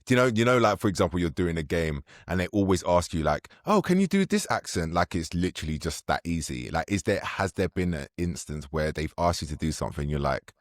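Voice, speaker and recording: A man's voice: low-pitched, fast talker, few pauses, no echo, studio quality. A man hosting a podcast interview, asking casual questions and giving lots of short encouraging replies. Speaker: podcast host.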